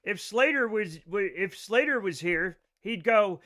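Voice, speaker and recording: High, bright-voiced joking male streamer. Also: animated, moderate pace, hardly any pauses. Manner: joking, profane, rambling talk to chat. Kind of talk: live gameplay stream chatter.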